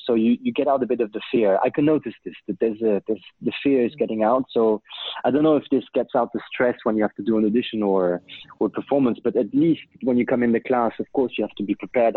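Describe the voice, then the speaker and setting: A man answers interview questions, hesitant and thoughtful, restarting his sentences. His voice is a little husky. It comes through a narrow, phone-like line with no room sound. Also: medium pitch, no echo. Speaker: guest oboist and teacher. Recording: muffled phone-like line, dry.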